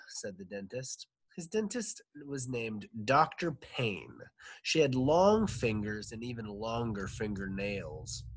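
A man, a teacher, reading a children's storybook aloud in a playful, animated way. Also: mid-range voice, breathy edge.

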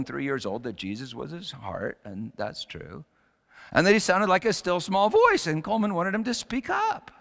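A man's voice: on the low side, lively intonation, normal speed, gravelly, long reverb tail. Man preaching with dramatic swings. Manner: storytelling with sudden loud bursts and quiet drops. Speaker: pastor. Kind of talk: sermon.

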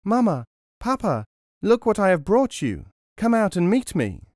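A man voicing a tiny, clever boy with a high, calling voice in a storybook reading. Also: drawn-out words, warm tone, clean tone, no echo, studio quality.

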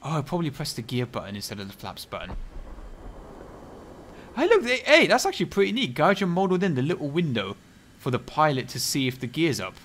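Sarcastic guy talking over his flight game, slangy, slightly high voice, goes from mumbling to yelling. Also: huge pitch swings, brisk, slight background noise. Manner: chatty and sarcastic, swinging from mutters to loud outbursts, heavy slang. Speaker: video game commentator. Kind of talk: live gameplay commentary.

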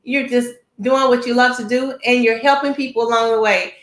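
An energetic woman hosting a talk show, with a bright, high voice. She chats in a lively way and keeps checking in with her listeners. The room around her has a noticeable echo. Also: moderate pace. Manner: energetic, chatty, keeps asking "right?". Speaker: show host. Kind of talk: upbeat talk-show introduction.

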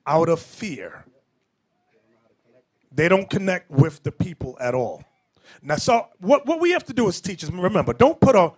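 A man preaching as a bishop, his voice set a touch high and swinging widely in pitch. He teaches in an emphatic lecture style and breaks off into off-the-cuff asides. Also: sing-song, moderate pace, long pauses.

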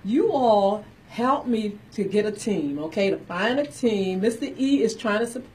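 A woman's voice: medium pitch, expressive, measured pace, a little mellow, a little hiss or hum, low-quality recording. Cheerful laughing woman radio host. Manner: cheerful, laughs often, exclamatory. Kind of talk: casual radio banter. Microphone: studio microphone.

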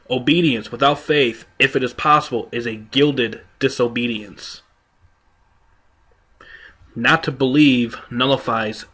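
A man's voice: mid-range voice, a bit bright, husky. A man reading a sermon aloud in an emphatic, rhetorical manner, building long lists and voicing quoted speakers. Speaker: preacher.

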